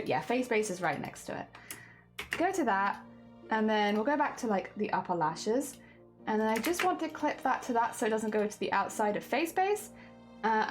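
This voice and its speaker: A young woman streamer with a slightly congested voice, chatting casually as she talks herself through rigging work and greets viewers. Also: on the high side. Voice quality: coughing, a little congested. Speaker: streamer rigging a vtuber model. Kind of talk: casual live-stream talk while working.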